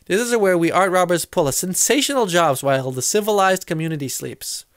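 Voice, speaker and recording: A man's voice: high-pitched, expressive, a little fast, no echo. Brief: two dim crooks in a kids' storybook , voiced by a male reader, dry close sound. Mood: sneering. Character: two bumbling adult male art thieves.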